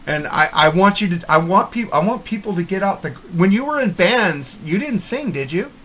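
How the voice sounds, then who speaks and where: A man's voice: high-pitched, animated, normal speed, fairly bright tone, a little hiss or hum. A man co-hosting a podcast in casual chat, blunt and frank, swearing casually as he gives advice. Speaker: podcast co-host.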